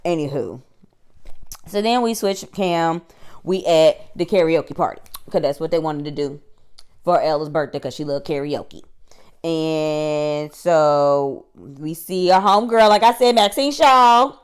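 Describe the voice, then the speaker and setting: Woman doing a chatty slangy tv recap, lowish smooth voice, laughs a lot. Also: unhurried. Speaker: YouTube TV reviewer. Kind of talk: casual episode recap.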